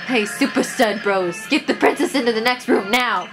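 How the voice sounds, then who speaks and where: A woman's voice: fairly high pitch, moderate pace, over music, close to an everyday voice, low-quality recording. A woman reading as a cocky villain king.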